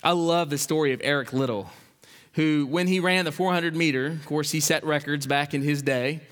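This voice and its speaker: Impassioned pastor preaching in a reverberant hall. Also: male voice, on the high side, fairly even intonation, moderate pace. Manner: impassioned, swings between loud exhortation and quiet emphasis. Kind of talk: sermon. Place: church sanctuary.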